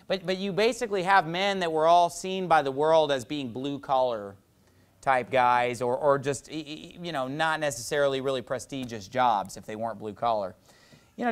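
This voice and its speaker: A man's voice: mid-range voice, clean tone. A middle-aged male pastor preaching a sermon, telling stories in a loose, conversational way with lots of "you know".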